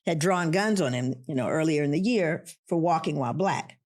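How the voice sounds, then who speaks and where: A middle-aged woman, an interview guest, telling a personal story in an animated way and voicing the people in it. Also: sits low, a little fast.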